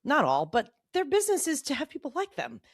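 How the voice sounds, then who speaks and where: Woman, podcast co-host, lively pitch, animated storyteller, dry sound. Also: brisk, dry recording. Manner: animated storyteller, swears, acts out quotes. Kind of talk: casual chat.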